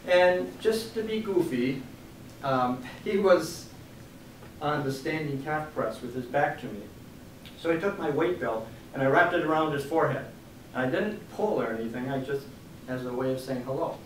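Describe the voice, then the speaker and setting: A man, an author giving a book reading, telling a story in an animated way and acting out the quotes. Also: a little high, normal speed, a little hiss or hum. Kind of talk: storytelling talk. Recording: echoey room from a distant mic.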